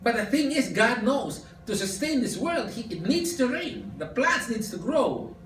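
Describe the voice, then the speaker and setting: A man's voice: extremely high pitch, very animated, unhurried, fairly bright tone, a little hiss or hum. A man preaching a sermon, explaining and repeating words as he works through a thought. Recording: echoey room, mic at a distance.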